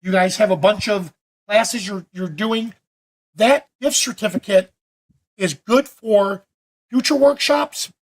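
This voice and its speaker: A man teaching photo editing during a live video-call session, talking in a chatty, animated way with frequent restarts. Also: high voice, slow pace. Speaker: photography workshop instructor. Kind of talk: live online Q&A demo.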